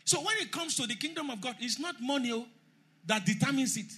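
A man preaching a sermon emphatically, rising to shouts and leading the congregation in call and response. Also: very high voice, lively intonation, brisk, husky.

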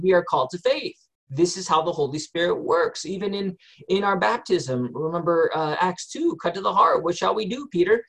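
A man leading a group Bible study in a conversational way, often asking the group questions and using many fillers. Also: sits high.

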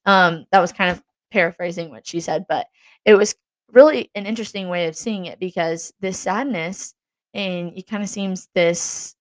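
A young woman talks earnestly about faith in a loose, rambling way, full of fillers and restarts. Her voice sits a little low for a woman. The sound is dry and close, with no room echo. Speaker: Christian vlogger. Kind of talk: casual faith talk.

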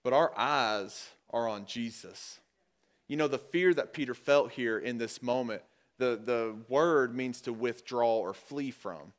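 A man preaching a sermon to his congregation in a conversational way, calling them guys and getting louder and higher when he drives a point home. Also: unhurried. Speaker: pastor. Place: church.

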